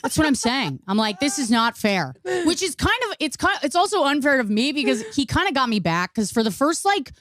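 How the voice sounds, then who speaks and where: A woman's voice: sits high, very animated, fairly quick, hardly any pauses, a bit bright, dry recording. A woman chatting on a comedy podcast, telling a story with laughs and swearing. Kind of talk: casual podcast chat.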